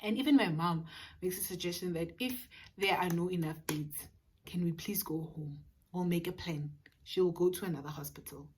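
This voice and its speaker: A woman's voice: fairly low pitch, moderate pace, darkish tone, slight background noise. A woman with a South African accent telling a personal story for her storytime vlog, earnest and full of emphatic repetition. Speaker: vlogger.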